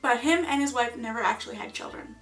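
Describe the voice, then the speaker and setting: A woman's voice: fairly high pitch, fast, fairly bright tone, faint music behind. A young adult woman chatting casually to camera in a vlog, offhand and jokey, with lots of fillers. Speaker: video creator.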